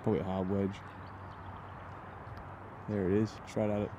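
An Australian man filming and commentating his golf round outdoors, excitable and chatty. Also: on the low side, normal speed, background noise. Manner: lively, excitable.

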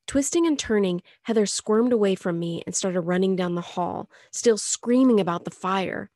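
A woman reading a novel aloud chapter by chapter in an expressive storytelling manner. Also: medium pitch, moderate pace, few pauses, no echo, studio quality. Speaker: audiobook reader.

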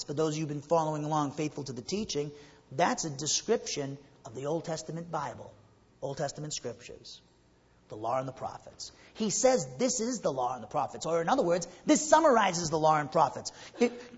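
Husky-voiced man preaching in a reverberant hall. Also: on the high side. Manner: earnest preaching, rising to emphatic peaks with rhetorical questions. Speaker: pastor. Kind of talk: sermon. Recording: muffled recording with long hall reverb.

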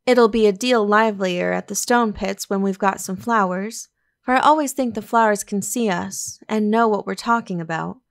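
A woman voicing a bright, playful young woman, an affectionate daughter, with a lively, coaxing manner in an audiobook reading. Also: medium pitch, normal speed, vocal fry, lightly acted.

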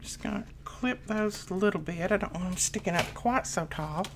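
A woman's voice: medium pitch, moderate pace, background noise. A middle-aged woman hosting a crafting channel, chatting casually and rambling homey stories as she works.

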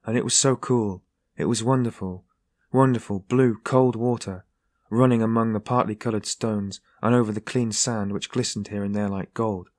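A man reading a classic novel aloud in a measured, even narration. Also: lowish voice, no echo. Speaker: audiobook narrator. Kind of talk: scripted narration.

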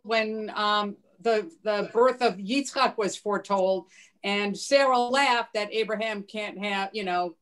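Woman, class participant, inquisitive, higher voice. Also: a bit bright. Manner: inquisitive, thoughtful. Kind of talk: questions in a class discussion.

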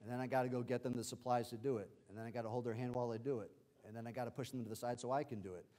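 A male pastor preaching a livestreamed sermon, moving between quiet explanation and loud, excited exclamations of hallelujah. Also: mid-range voice, very fast.

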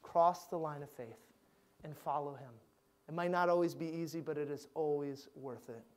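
A male pastor giving a sermon, swinging between loud emphatic lines and hushed, gentle ones. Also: fairly high pitch, moderate pace.

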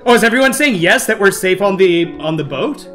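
High, bright excitable young man streaming. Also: a little fast, soft background music. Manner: excitable, jumpy, repeats himself when scared. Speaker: gaming streamer. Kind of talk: live gameplay commentary.

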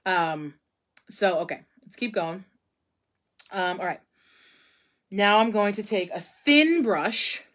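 A woman's voice: medium pitch, fairly bright tone. A young woman hosting a casual painting tutorial, chatting and thinking aloud as she works, often poking fun at her own mistakes. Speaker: craft instructor.

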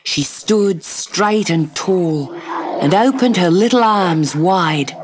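A woman narrating a children's storybook tape in a measured, expressive way. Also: fairly low pitch, noisy background. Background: soft story music.

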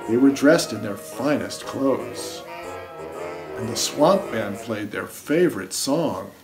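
A man reading aloud his own children's picture book, slowly and expressively, slipping into the characters' lines. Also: medium pitch. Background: saxophone music.

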